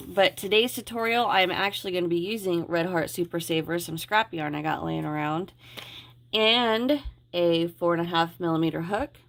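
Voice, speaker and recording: A woman hosting her crochet channel, chatting casually through a tutorial with frequent ums and restarts. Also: on the low side.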